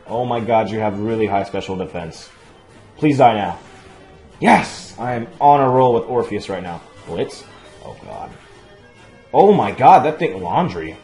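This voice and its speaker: A man giving excitable let's play commentary over a video game, swearing a lot and breaking into loud outbursts. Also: fairly low pitch. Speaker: gaming channel host. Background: faint game music.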